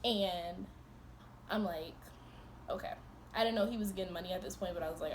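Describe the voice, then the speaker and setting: A young woman in a storytime vlog, retelling events in an animated, profane, exasperated way, breaking into laughs. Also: on the low side, brisk, long pauses, noisy background. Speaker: vlogger.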